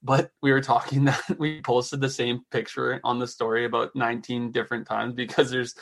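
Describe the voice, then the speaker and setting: A young man with a gravelly voice full of vocal fry chats casually with his teammates. He tells animated stories padded with "uh" and "like", at a mid-range pitch. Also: normal speed. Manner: chatty, animated anecdotes with filler words. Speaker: hockey player, co-host. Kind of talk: casual group chat.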